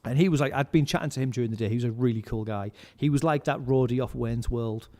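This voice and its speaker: A man in his thirties chats as a podcast guest, spinning loose backstage anecdotes and leaning constantly on fillers. His voice sits at an ordinary middle pitch. The room around him is reverberant, with a long echo trailing each phrase. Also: quick pace, darkish tone. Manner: rambling storyteller, heavy use of "like". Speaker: podcast guest, live music stage manager. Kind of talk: casual anecdotal chat. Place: indoors, podcast recording.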